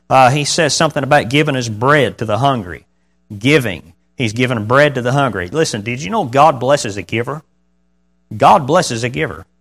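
A man delivers a sermon in an easy, conversational way, with a voice of ordinary middle pitch. He keeps asking his congregation questions. He reads scripture aloud in old-fashioned wording. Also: fairly bright tone. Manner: conversational preaching with rhetorical questions. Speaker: pastor.

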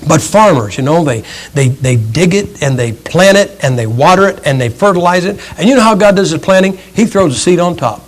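A middle-aged man delivers a sermon with a notably high voice. He tells stories with folksy humor and lively, animated delivery. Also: a little fast. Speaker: preacher.

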